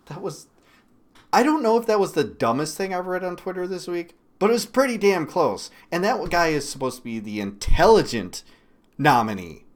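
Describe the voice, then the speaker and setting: A man from Michigan hosting a political commentary livestream. He talks bluntly and swears often, with sudden loud bursts between quieter asides. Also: sits high, sing-song, moderate pace. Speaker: livestream host.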